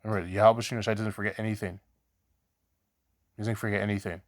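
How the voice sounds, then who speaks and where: Low-voiced man preaching casually. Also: level tone, quick pace, no room sound, studio quality. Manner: conversational, repeats 'right?' and restarts; blunt, swears in examples. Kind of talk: informal scripture teaching.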